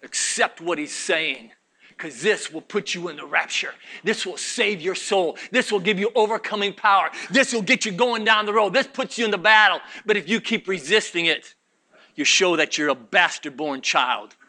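A middle-aged male pastor preaching a fiery sermon, swinging from shouts to low, intense murmurs and mocking the voices of churchgoers. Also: normal speed. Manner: acts out congregation voices mockingly.

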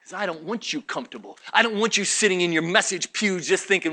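High-pitched bright guy preaching hard, yells then goes quiet, mocks churchgoers. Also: fast talker, hardly any pauses. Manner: swings from shouting to low intense murmurs; acts out congregation voices mockingly. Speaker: pastor. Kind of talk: fiery sermon.

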